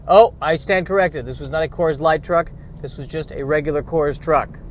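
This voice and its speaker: A man's voice: fairly high pitch, moderate pace. An American man in a car, rambling in casual chat with joking, self-mocking digressions. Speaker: vlogger.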